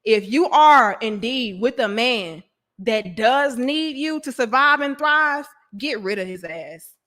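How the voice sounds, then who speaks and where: A woman's voice: fairly high pitch, animated, slow pace, fairly bright tone. A woman in her thirties hosting a live online talk show, preaching bluntly and emphatically straight to her viewers. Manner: preachy and emphatic, addresses viewers directly as sis and brothers. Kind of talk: blunt live-stream commentary.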